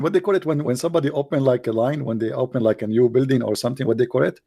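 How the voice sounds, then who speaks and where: A man with an Arabic accent hosts a sarcastic commentary, mocking and quick to slip into voices. His voice has a gravelly rasp. The sound is dry and close to the mic. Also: mid-range voice, dark tone, dry recording. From Arab world. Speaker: host. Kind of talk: casual commentary.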